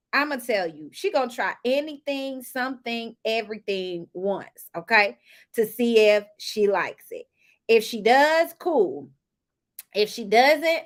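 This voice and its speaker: A woman casually recapping a reality show episode, chatting to viewers with lively asides and storytelling. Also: fairly high pitch.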